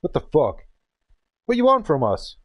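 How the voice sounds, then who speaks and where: A man's voice: on the high side, huge pitch swings, unhurried, dry recording, lo-fi sound. A man in his thirties from Germany, a native German speaker talking English with a German accent, ranting and swearing in broken English on a casual game stream. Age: 30s.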